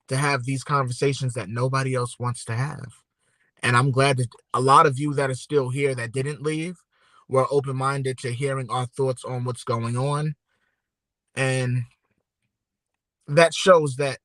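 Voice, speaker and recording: A man's voice: medium pitch, a bit bright, no room sound. A man co-hosting a podcast livestream, talking casually and rambling straight to his viewers. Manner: laid-back, rambling, talks straight to viewers. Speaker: podcast co-host.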